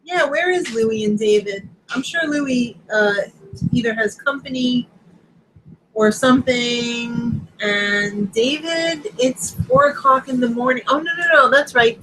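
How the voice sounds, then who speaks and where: A middle-aged woman from Long Island hosting a casual live-stream chat, talking in quick asides and reading viewer comments aloud. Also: on the high side, sharp tone, slight background noise, low-quality recording. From Long Island, New York. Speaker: host.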